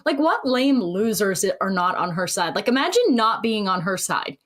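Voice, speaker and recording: A woman's voice: mid-range voice, big pitch swings, moderate pace, a bit bright. A woman giving opinionated commentary on a panel in a mocking, dismissive way. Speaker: social media commentator.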